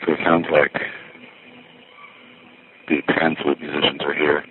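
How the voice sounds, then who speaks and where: Very deep-voiced New man rambling outdoors. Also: little pitch movement, a little slow, a little hiss or hum. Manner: musing, meandering, self-interrupting. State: a little winded. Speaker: vlogger. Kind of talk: rambling walking vlog. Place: outdoors in a busy city. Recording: tinny phone-like recording with faint music.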